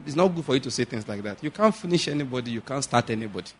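A man preaching a sermon, animated, acting out little dialogues and slowing to a measured chant on scripture. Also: medium pitch, slight background noise. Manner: animated, acts out little dialogues and laughs often. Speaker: pastor.

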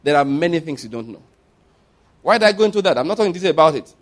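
Animated man preaching. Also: on the high side, rapid-fire. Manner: animated storytelling, acts out scenes. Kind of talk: sermon.

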